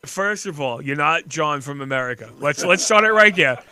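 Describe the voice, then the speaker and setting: A man hosting a talk show, telling stories in crude, animated banter. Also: a little high, moderate pace, smooth. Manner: profane, animated storyteller. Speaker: radio show host.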